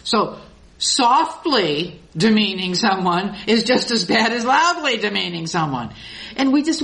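Animated woman preaching a sermon. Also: high voice. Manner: animated, acts out quarrels in little voices. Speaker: Bible teacher.

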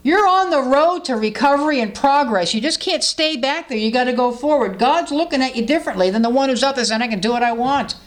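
A woman preaching a sermon in an earnest way, her voice climbing high when she gets impassioned. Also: lively intonation, brisk, few pauses.

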